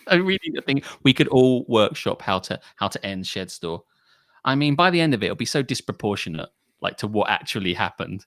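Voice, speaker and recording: A man's voice: fairly low pitch, normal speed, dry recording, clean studio sound. A man co-hosting a podcast in casual chat, ranting comically and swearing freely. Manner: animated, sweary, comic rants. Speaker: podcast co-host.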